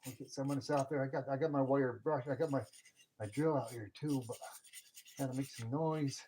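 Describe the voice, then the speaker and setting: A man chatting casually on a live stream about his metal casting, excitable, often whooping and laughing. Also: mid-range voice, brisk, slight background noise.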